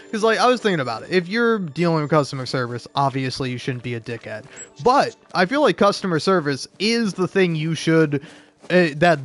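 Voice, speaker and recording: A man talks over his gameplay in a loose, rambling way, his voice sitting a little higher than most men's. He swears freely, laughs at his own rants and puffs himself up into exaggerated mock outrage. Soft music plays faintly underneath. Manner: rambling, profane, laughs often. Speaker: gaming video creator. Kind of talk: casual gameplay commentary.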